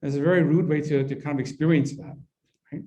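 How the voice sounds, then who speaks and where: Mellow-voiced male parenting workshop leader. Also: a little high, steady tone, fast, slight background noise. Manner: conversational, keeps asking the audience "right?". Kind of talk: interactive workshop talk. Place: mosque hall, indoors.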